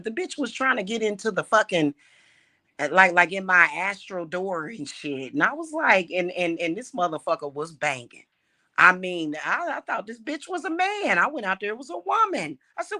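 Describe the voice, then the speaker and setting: A woman's voice: mid-range voice, sing-song, normal speed, pushed and bright. A woman ranting heatedly on a livestream, cursing often, repeating words when worked up and calling her viewers y'all. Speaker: livestream host.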